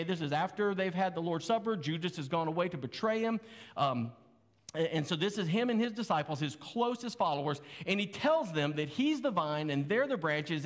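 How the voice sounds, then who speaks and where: A man's voice: high-pitched, in a large hall. A man preaching a sermon as pastor, earnest and conversational, with rhetorical questions.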